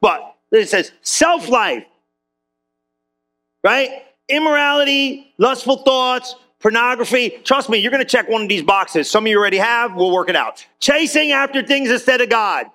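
A man's voice: very high-pitched, lively intonation, normal speed, bright, forceful tone. A man preaching a sermon in a church, casual and joking with the congregation. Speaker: pastor.

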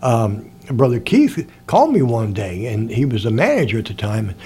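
A man's voice: medium pitch, very animated, normal speed, warm tone, slightly rough. An older man from Indiana, telling stories from his life in a rambling, casual way and chuckling often. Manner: rambling, chuckles often, acts out quoted people. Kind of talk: casual storytelling.

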